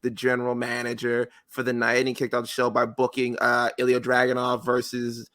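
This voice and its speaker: A man's voice: medium pitch, a little fast, smooth. A man co-hosting a podcast in casual chat, telling stories and acting out quotes. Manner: animated storyteller who acts out quotes. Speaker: podcast co-host. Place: podcast studio.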